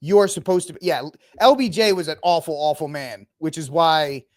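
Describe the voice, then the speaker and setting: A commentary host in his thirties from Texas speaks a little fast in a voice on the high side. His reaction commentary is animated and opinionated, with mocking asides and impressions along the way.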